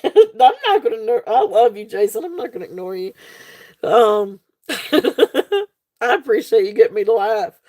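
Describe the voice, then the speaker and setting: A woman's voice: a little high, darkish tone. A woman selling jewelry on a live stream, rambling in a casual way, often breaking into giggles and chatting with her viewers. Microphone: desk setup, face off camera.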